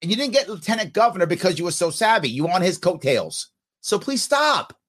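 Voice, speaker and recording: A podcast host with a New York accent talks bluntly over speech clips. His pitch swings widely and sits a little high for a man. He talks with open scorn and keeps pushing his point. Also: sing-song, fairly quick, a bit bright.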